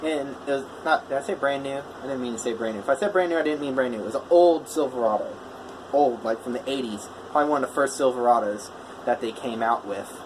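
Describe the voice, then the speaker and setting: A welder chats through a story in a casual, rambling way, leaning on filler words and restarting his sentences. His voice sits in a middle range. A faint, steady hum runs in the background. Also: medium pitch, fast talker. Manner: rambling, full of "you know" and "I was like".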